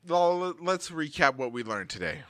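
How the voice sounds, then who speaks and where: A man's voice: a little high, big pitch swings, moderate pace, pushed and bright, no echo, studio quality. A man hosting a podcast in casual joking chat, laughing often. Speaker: podcast host.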